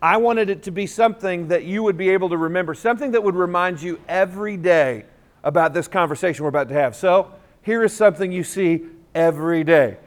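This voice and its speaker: A man with a high-pitched voice gives an animated talk in a school assembly hall. He tells stories, acts out the dialogue, and gets the crowd to chant lines back to him. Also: a little fast. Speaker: motivational school speaker. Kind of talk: storytelling speech with call-and-response.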